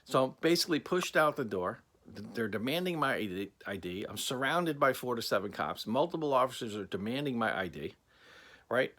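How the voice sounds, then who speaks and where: A man's voice: medium pitch, sharp tone. A man angrily recounting a personal incident to camera, emphatic and repetitive, swearing now and then. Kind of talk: angry personal storytelling.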